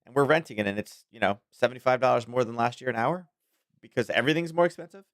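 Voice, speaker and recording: A man hosts a live market analysis stream in a loose, rambling way, chuckling between points. His voice sits at a middling pitch, recorded close and dry with no room sound. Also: quick pace, no echo. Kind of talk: casual market commentary.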